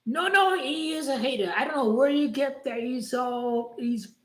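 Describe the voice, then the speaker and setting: A woman with a slightly high voice talks casually about a game. Her tone is skeptical and argumentative. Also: moderate pace, poor audio. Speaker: sports commentator. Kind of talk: casual opinion talk.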